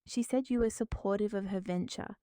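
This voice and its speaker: A woman voicing a sharp, reprimanding mother. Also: mid-range voice, a little fast, no room sound, clean studio sound, close to an everyday voice.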